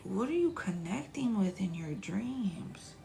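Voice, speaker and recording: A woman's voice: medium pitch, lively intonation, slow pace, creaky, dark tone, slight background noise. A woman doing a casual tarot reading, chatty and blunt, sometimes dropping to a whisper and swearing freely. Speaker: tarot reader.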